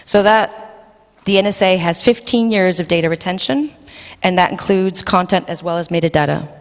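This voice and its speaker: A woman's voice: fairly low pitch, moderate pace. A woman moderating a panel discussion, reading introductions from notes with fillers and restarts. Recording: long reverb of a hall.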